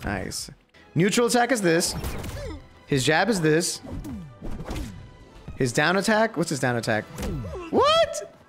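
A young man giving live gameplay commentary, excitable and prone to high squeals when something delights him. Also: unhurried, pauses often, faint music behind. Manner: excitable, swings into high squeals over cute moments. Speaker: streamer.

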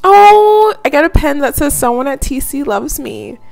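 A young woman in her twenties chatting casually in a vlog, full of fillers and quick laughs. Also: high-pitched, vocal fry, faint music behind. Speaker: student vlogger.

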